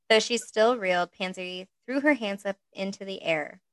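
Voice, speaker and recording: A woman reads a story aloud in a relaxed, casual way and now and then breaks off for chatty asides of her own. Her voice sits at an ordinary middle pitch in a dry, close space with no room echo. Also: slow, long pauses. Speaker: reader.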